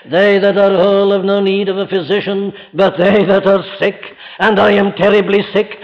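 A man's voice: high voice, normal speed, hardly any pauses. A man with a Welsh accent preaching a sermon in an emphatic manner that rises to impassioned cries. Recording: dull archival recording in a reverberant hall.

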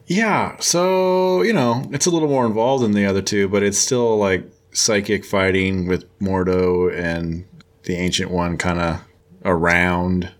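A man with a fairly low voice co-hosting a podcast. He sounds laid-back and a bit wry, with dry throwaway asides. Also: fairly even intonation, a little slow. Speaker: podcast co-host. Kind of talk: casual chat.

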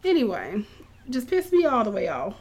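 Animated woman, cursing and chatty. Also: a little high, normal speed, slightly rough. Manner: animated, swears freely, acts out characters' lines. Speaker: podcast co-host recapping a show. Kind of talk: casual storytelling recap.

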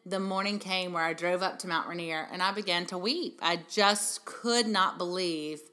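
A woman's voice: on the low side, normal speed, pushed and bright. A middle-aged woman hosting a motivational parenting talk, earnest and encouraging, asking many rhetorical questions. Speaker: podcast host and parenting speaker. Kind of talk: heartfelt motivational talk to mothers.

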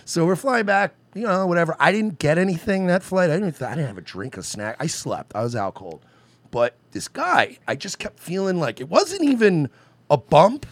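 A man's voice: fairly high pitch, big pitch swings, moderate pace, no room sound. A man co-hosting a podcast, telling crude stories in casual chat and quoting what he and others said. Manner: crude, joking, quotes himself and others. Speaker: podcast co-host.

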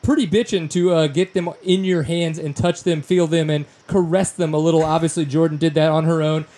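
A man's voice: on the high side, steady tone, a little fast, warm tone. A man from Louisiana hosting a casual podcast chat, joking loosely and reading sponsor plugs with slang. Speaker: podcast host.

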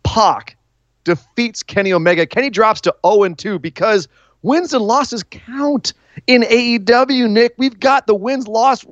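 A man co-hosting a podcast in casual chat, joking and animated, with quick asides. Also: extremely high pitch, no room sound, highs cut off. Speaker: podcast co-host.

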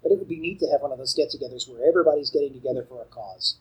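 A man's voice: mid-range voice, rapid-fire, husky, rough recording. A man co-hosting a casual music podcast outdoors, chatting in an easygoing way. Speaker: podcast co-host.

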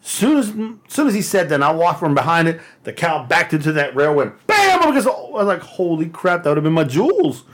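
A man telling a rambling, profane story in a casual chat, laughing often and getting animated. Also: fairly high pitch, brisk, hardly any pauses.

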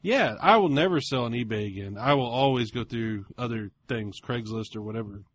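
A man's voice: mid-range voice, fairly quick. A man co-hosting a podcast in casual chat, telling stories with lots of swearing and acted-out exchanges. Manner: profane, animated storytelling. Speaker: podcast co-host.

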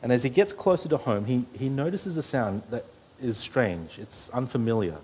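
A man's voice: medium pitch, animated, moderate pace, darkish tone, a little hiss or hum. A pastor preaching an earnest sermon to his church, his voice rising when he quotes scripture.

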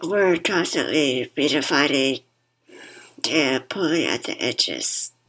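A woman's voice: a bass voice, lively intonation, slow pace, a bit bright, husky, rough recording. A woman guest speaking through a worn mask, thoughtful and reflective, sometimes repeating words. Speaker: podcast guest. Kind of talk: reflective conversation.

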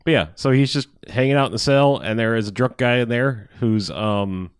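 A man casually recapping a movie plot on a podcast, slipping into quick character voices and laughing as he goes. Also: mid-range voice, clean tone, dry recording, clean studio sound. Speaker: podcast co-host. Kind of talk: casual movie review chat.

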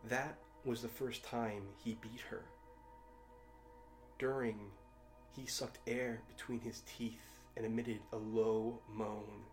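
Slow, grave male storyteller. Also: lowish voice, level tone, faint music behind. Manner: slow, measured, grave delivery. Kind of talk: dramatic fiction reading.

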